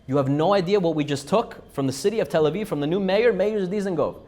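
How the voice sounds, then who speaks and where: Man putting on an irate chieftain, older male, yelling, pitch pushed high, rapid-fire rant. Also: natural voice. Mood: proud. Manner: shouting, accusing.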